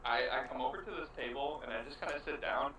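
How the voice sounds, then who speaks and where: A man's voice: medium pitch, fairly even intonation, fast, noisy background. A man playing a tabletop game, casually joking about his character's actions. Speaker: player. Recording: echoey room, distant mic.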